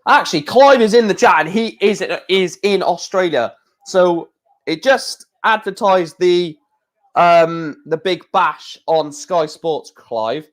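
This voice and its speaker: A man's voice: high voice, slow pace. A young man hosting a casual live stream, chatting in a rambling way and often correcting himself.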